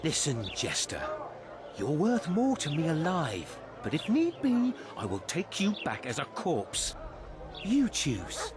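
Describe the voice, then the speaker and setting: A man voicing a smug male bounty hunter in a video game, with a mocking, menacing, drawn-out delivery. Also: a little high, wildly swooping pitch, a crowd in the background, full character voice. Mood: threatening.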